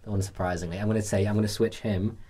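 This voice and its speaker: A man's voice: on the low side, little pitch movement, fast, mellow, a little hiss or hum. A man hosting a film podcast, explaining his ideas in a rambling, self-deprecating way. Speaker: podcast host. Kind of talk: casual film chat.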